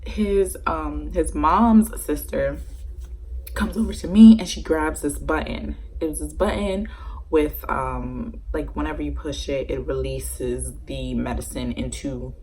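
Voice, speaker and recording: A young woman vlogger talking straight to her camera, swearing freely in a loose, animated story-time. Her voice sits a little low for a woman. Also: measured pace, slight background noise, poor audio. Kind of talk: casual story-time vlog.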